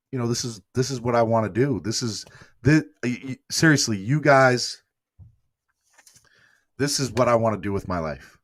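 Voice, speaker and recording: A man's voice: fairly low pitch, no echo, studio quality. A man hosting a live fan morning show, talking emotionally and rambling as he thanks viewers and reads their comments aloud. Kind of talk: casual live-stream chat.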